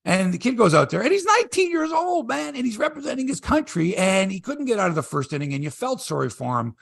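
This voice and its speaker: A man's voice: fast, gravelly, slightly rough, dry recording. A middle-aged man hosting a sports podcast in casual chat, telling stories and acting out quotes in a raised voice. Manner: animated storyteller, acts out quotes in a high voice.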